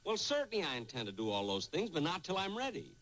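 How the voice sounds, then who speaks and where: A man's voice: on the high side, wildly swooping pitch, quick pace, fairly bright tone. An actor playing a vain, stingy male comedian star in an old radio comedy, sounding defensive and sheepish. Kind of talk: 1940s radio acting. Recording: noisy old radio broadcast.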